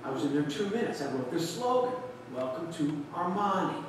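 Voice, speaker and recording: A man's voice: on the high side, animated, normal speed, a little hiss or hum. A man telling a stand-up comedy story, acting out the people he describes. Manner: storytelling with quoted voices. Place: large church hall with an audience. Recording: echoey hall recorded from far off.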